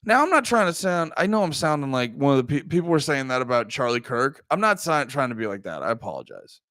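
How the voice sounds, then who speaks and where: A man talking casually on a livestream as a political commentator, rambling from quiet mumbles to loud, high-pitched outbursts. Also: sing-song, fast, dry recording.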